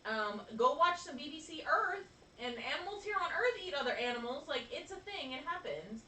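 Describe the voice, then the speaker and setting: A woman co-hosting a casual chat, animated and laughing often. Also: sits high, a little fast, echoey room, recorded from a distance, slight background noise. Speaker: podcast co-host.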